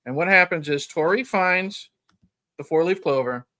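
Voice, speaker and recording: A man's voice: on the high side, moderate pace, bright, forceful tone. A man hosting a podcast, retelling a film in a rambling, chuckling casual chat. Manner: rambling, chuckling retelling with frequent "you know". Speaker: podcast host.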